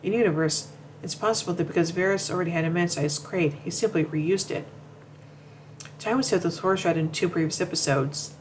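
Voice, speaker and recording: Commentary narrator, reads from notes, trips over words and restarts, middling pitch, faint background noise. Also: fairly quick, rough recording. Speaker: show commentator.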